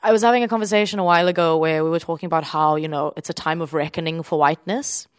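A woman with a deep voice, an actress answering interview questions in an earnest, thoughtful way with many fillers. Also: steady tone, very fast, clear, resonant tone, no room sound, clean studio sound. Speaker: stage actress.

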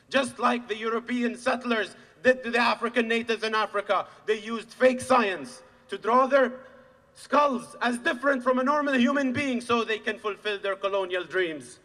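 A young man from Gaza giving an impassioned protest speech at an outdoor rally, swinging from quiet grief to fierce shouting. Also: sits high, lively intonation, moderate pace, in a large hall, rough recording. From Gaza, Palestine. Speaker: rally speaker.

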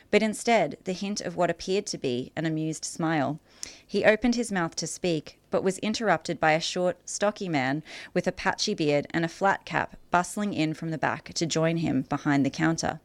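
A woman author reading a passage from her own novel aloud in a measured, clear way. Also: on the low side, no room sound.

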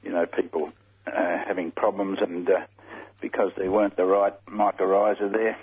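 A man's voice: low voice, level tone, normal speed, husky. A man calling a radio gardening show, jokey and rambling. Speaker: caller. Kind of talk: talkback radio call. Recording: dull radio call with faint noise.

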